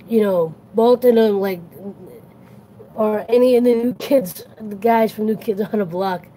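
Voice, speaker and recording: A woman's voice: mid-range voice, dark tone, a little hiss or hum, rough recording. A woman with a Boston accent hosting a casual late-night chat, rambling and correcting herself as she goes. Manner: rambling, self-correcting, chatty. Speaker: host.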